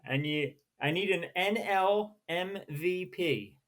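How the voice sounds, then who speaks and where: Male podcast host, slightly higher voice, teasing, quick questions, casual chat. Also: a bit bright.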